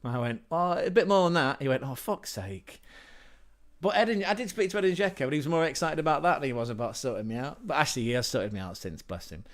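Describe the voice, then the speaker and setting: A man's voice: medium pitch, animated, racing, few pauses. An English man hosting a livestream, telling a rambling anecdote in casual, sweary speech with frequent self-corrections. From England. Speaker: livestream host.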